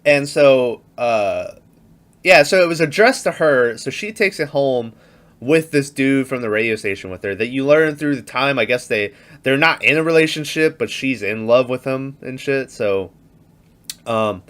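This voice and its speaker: A man co-hosting a movie podcast in casual chat, animated and laughing often as he retells scenes. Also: medium pitch, normal speed. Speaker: podcast co-host.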